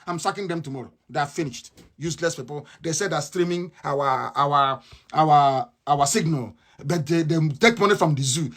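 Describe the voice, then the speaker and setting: A man's voice: sits high, pushed and bright. Male radio broadcaster, fiery and mocking, hammers points through repetition, live monologue.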